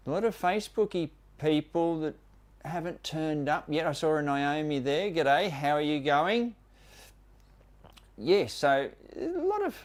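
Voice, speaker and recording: A man's voice: a little high, clean tone. An Australian man hosting a live stream, chattily welcoming viewers one by one by name. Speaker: host of a live prospecting show.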